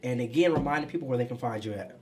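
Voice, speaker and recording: A man's voice: mid-range voice, rapid-fire, a little hiss or hum. A man hosting a podcast, upbeat and laughing, hyping up his listeners. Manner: upbeat, laughing, hypes up the audience. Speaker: podcast host. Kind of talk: casual podcast chat and sign-off.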